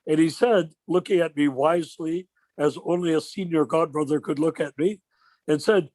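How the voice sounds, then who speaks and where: An older man leading an informal religious discussion on a video call, telling stories with rhetorical questions in an animated way. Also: fairly high pitch, moderate pace, dry recording. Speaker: discussion leader.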